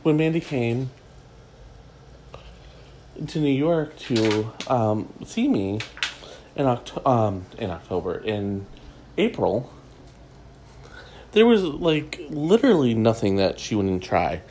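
A man's voice: medium pitch, big pitch swings, slow, pauses often, dark tone, slight background noise, low-quality recording. A man hosting a casual solo gossip show from home, chatty and rambling with a self-mocking streak. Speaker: gossip podcast host.

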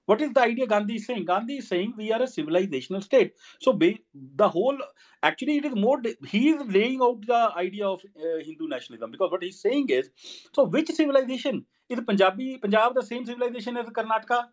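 A man's voice: high voice, expressive, fast. Fervent man hosting a debate. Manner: fires rhetorical questions and answers them himself; repeats and restarts words often. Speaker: host of an online audio discussion. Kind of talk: argumentative explanatory talk. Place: online voice chat room.

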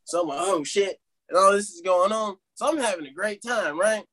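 A young man casually telling a funny story to friends on a podcast, animated and laughing along. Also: high voice, fairly quick. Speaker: podcast co-host.

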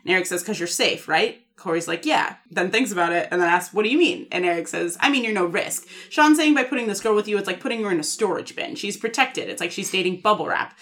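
A woman co-hosting a podcast, recapping scenes in lively storytelling and acting out the quoted lines. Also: mid-range voice, quick pace, hardly any pauses. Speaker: podcast co-host.

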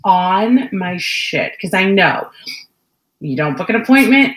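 A young woman co-hosting a podcast, telling a story in casual chat, animated and swearing freely as she acts out what people said. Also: mid-range voice, slow pace. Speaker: podcast co-host. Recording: roomy echo.

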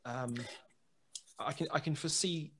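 Guy telling a funny story, a bit high voiced, chatty, lots of back and forth quoting. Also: moderate pace, breathy edge. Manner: lively storyteller, many restarts and quoted dialogue. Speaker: guest. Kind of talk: anecdote telling in casual chat.

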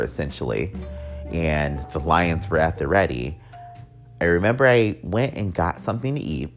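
A young man telling a personal story in a candid, profane way, with wry joking asides. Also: low voice.

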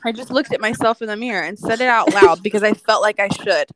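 A woman co-hosts a laid-back chat, teasing her friend and giggling as she reads stories aloud. Her voice sits at an ordinary middle pitch. The sound is dry and close, with no room around it. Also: fast, no echo, rough recording. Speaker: podcast co-host. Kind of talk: casual chat, reading listener stories.

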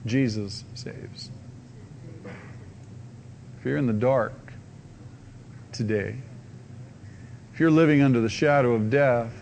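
A man preaching a sermon as pastor, swinging from rising, loud repeated cries to a hushed, soft pleading voice. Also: medium pitch, slow pace, vocal fry, pauses often, slight background noise.

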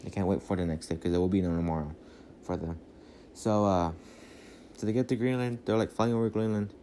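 A man's voice: lowish voice, fairly even intonation, a little fast, mellow, slight background noise. A man rambling through a casual movie recap on a phone mic, full of fillers and restarts. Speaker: podcast host.

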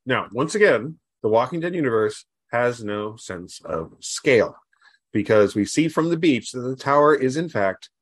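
A man's voice: mid-range voice, expressive, moderate pace, dry recording. A man co-hosting a podcast, giving casual critical commentary on a TV show in a sarcastic, wry way. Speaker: podcast co-host.

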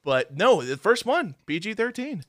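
Higher-voiced man, wry casual chat. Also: very animated, normal speed, dry recording, studio quality. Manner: chatty, wry, builds arguments aloud.

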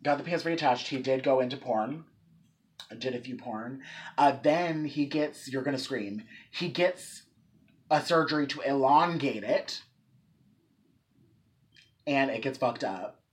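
Profane, animated man retelling a story. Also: mid-range voice, unhurried, pauses often. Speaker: podcast co-host. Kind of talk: casual chat.

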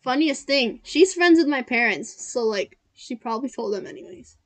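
A woman's voice: high-pitched, expressive, normal speed, fairly bright tone. A young woman chatting casually, telling rambling school stories with lots of fillers and giggles. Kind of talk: casual chat.

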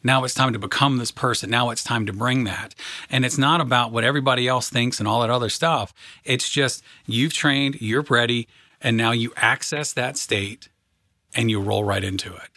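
A man's voice: mid-range voice, normal speed, sharp tone, no room sound, clean studio sound. A man, a podcast co-host and mindset coach, explaining ideas earnestly and stacking phrases for emphasis, often checking in with "right?". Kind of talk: motivational coaching talk.

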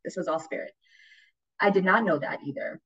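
Animated woman telling stories on a podcast. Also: lowish voice, a little fast, breathy edge, lo-fi sound. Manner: animated, acts out quoted voices, swears. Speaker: podcast host. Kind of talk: casual storytelling chat.

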